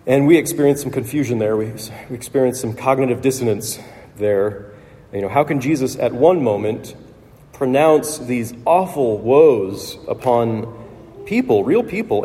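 A man's voice: mid-range voice, expressive, a little fast, mellow, long reverb tail. A man preaching a sermon as pastor, earnest and reflective, thinking aloud with restarts.

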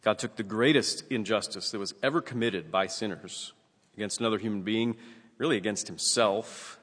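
Male pastor, earnest measured sermon delivery, lower voice, long church reverb. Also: fairly bright tone. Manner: earnest, measured preaching with emphatic rises. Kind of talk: sermon with scripture reading.

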